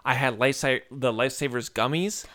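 A man telling a rambling story in casual chat, full of "like" fillers and animated retellings. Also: mid-range voice, fairly quick.

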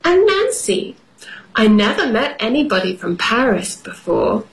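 A woman voicing a cheerful young schoolgirl who loves fancy words, in an eager, bright tone. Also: fairly high pitch, sing-song, unhurried, creaky, heavily acted, poor audio.

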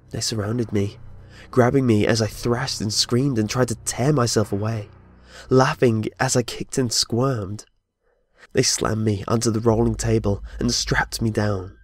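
A man's voice: medium pitch, no echo. A man telling a first-person horror story with tense, dramatic narration. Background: faint music.

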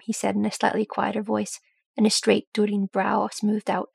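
A woman narrating a fantasy story aloud in a steady, even way. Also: mid-range voice, moderate pace, gravelly, breathy edge, no echo. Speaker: audiobook narrator.

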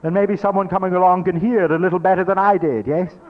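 A man's voice: sits high, steady tone, quick pace, phone-quality sound. A man teaching a spiritual workshop, speaking as "we", emphatic and repetitive, acting out his listeners' thoughts. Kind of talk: workshop lecture to an audience.

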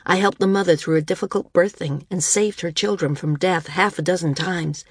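Firm gentle man, healer, read by a woman, low voice, storybook. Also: moderate pace, breathy edge, no echo, studio quality. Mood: earnest, firm. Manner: firm, calm and earnest. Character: gentle, steady male healer, young adult.

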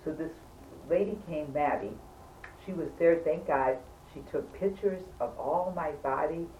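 A woman telling a personal story in casual conversation, emphatic and animated, repeating words for stress and laughing between phrases. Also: deep voice, unhurried. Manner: animated, chatty, laughs mid-sentence. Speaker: storyteller recounting an accident. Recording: roomy, distant mic, faint background noise.

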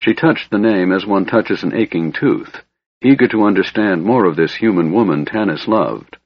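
A man narrating a fantasy audiobook in a measured, even storytelling manner, on a dull lo-fi recording. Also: fairly low pitch, breathy edge, dry recording.

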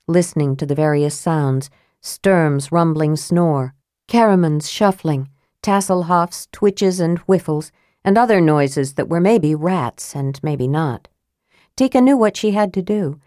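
A woman narrating an audiobook in a steady, even storytelling manner. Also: sits low, no room sound, studio quality. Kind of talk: scripted narration.

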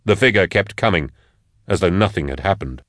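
Male audiobook narrator, low register, dry booth sound, measured delivery. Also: lively intonation, a bit bright, dry recording. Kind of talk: scripted narration.

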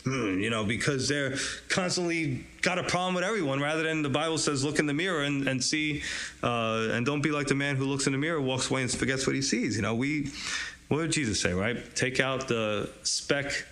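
A man's voice: mid-range voice, fairly quick, fairly bright tone. A man teaching a casual, conversational verse-by-verse sermon, with lots of "you know" asides and frequent chuckles. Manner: conversational, chuckles often, many fillers and asides. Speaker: pastor teaching a Bible study.

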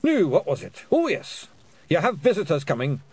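A man's voice: on the high side, wildly swooping pitch, moderate pace, darkish tone, breathy edge, dry recording, voice pushed up, full character voice. A man voicing a tiny, brash male pixie warrior, cheerful and boisterous.

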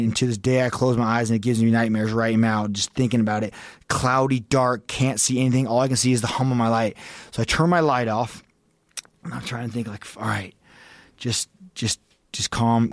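A man telling a story as a podcast guest, with heavy swearing and rising intensity as he relives every moment. His voice sits at an ordinary middle pitch and comes through a close, dry mic with no room sound. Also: no room sound. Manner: profane, vivid, intense recounting. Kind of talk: casual storytelling.

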